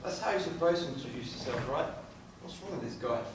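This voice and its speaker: An actor playing a shy, hesitant young exchange student in a staged reading recorded echoey and from a distance. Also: male voice, mid-range voice, expressive, quick pace, very noisy, natural voice. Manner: hesitant, awkward. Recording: echoey room from far off.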